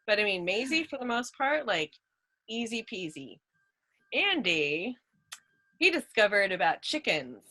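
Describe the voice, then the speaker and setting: Give me a talkative woman with a bright, forward voice, chatting casually. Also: medium pitch, sing-song, measured pace, pauses often, poor audio. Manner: chatty, full of "you know" and "like". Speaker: guest, dog rescuer. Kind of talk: casual chat.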